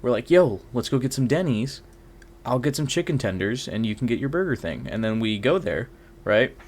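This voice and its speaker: A young man co-hosting a podcast, telling a story in a casual, animated way, laughing often and acting out the people in it. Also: medium pitch, moderate pace. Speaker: podcast co-host.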